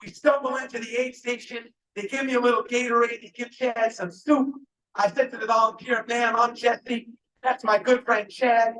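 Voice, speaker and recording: A man giving a live motivational keynote speech, emphatic and often shouting to the crowd. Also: very high voice, level tone, normal speed, distant mic, rough recording. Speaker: motivational speaker. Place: large live event venue.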